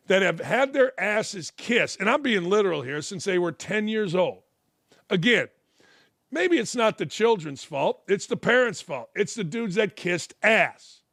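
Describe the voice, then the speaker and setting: An older man delivers a sports talk monologue, blunt and sarcastic, his voice sitting fairly high for a man. The sound is dry and close, with no room around it. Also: a bit bright, no echo. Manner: blunt, sarcastic and heated, acts out anecdotes. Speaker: sports talk show host. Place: studio.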